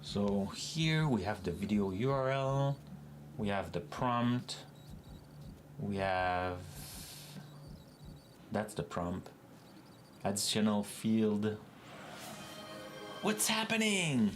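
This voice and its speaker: A man with a Quebec French accent and a fairly low voice, a native French speaker, talks through his code with live-stream viewers in a casual, unhurried way. His pace is very slow and drawn out, and a faint noise sits under the voice. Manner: talks to chat while working through code on screen. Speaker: software developer streaming live.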